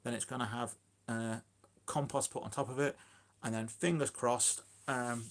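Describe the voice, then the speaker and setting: A man from Shropshire, England, an allotment gardener, chats loosely on a phone live stream. His middle-pitched voice keeps a steady tone at a moderate pace. He rambles chattily, pokes fun at himself, and fills his talk with fillers.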